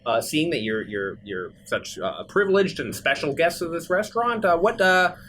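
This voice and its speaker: A man's voice: on the high side, big pitch swings, moderate pace, sharp tone, a little hiss or hum. Stammering man playing a tabletop game. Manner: hesitant and stammering. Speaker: player.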